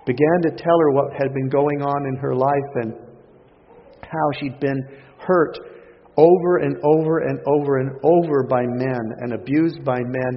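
A man preaching a sermon in a church, telling stories with animated, self-mocking humor. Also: medium pitch, unhurried. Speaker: pastor. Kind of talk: sermon storytelling. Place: church auditorium. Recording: long reverb, dull lo-fi sound.

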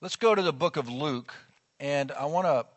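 A male pastor preaching a sermon in a lively, conversational way, acting out quotes as he goes. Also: fairly high pitch, normal speed. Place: church sanctuary. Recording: long church hall reverb.

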